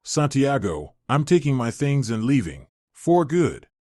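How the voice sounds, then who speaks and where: A betrayed young woman, as a man reads her, firm and cold in every word. Her pitch moves a lot, and the sound is dry and close. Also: very animated, unhurried, mellow, no room sound.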